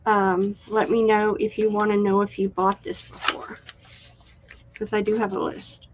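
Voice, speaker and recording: A woman hosting a live-stream craft sale, chatty and unhurried, admiring each item as she shows it. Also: medium pitch, monotone, dull audio, a little hiss or hum. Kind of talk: live-stream sales chat.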